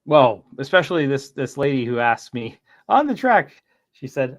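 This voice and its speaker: A man's voice: mid-range voice, very animated, normal speed, lo-fi sound. A man hosting a casual livestream chat, telling rambling stories and laughing often. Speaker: streamer.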